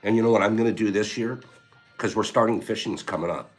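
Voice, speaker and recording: A man's voice: lowish voice, fast, soft background music. A man hosting a casual livestream, rambling and teasing as he reads viewer comments, laughing often. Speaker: livestream host.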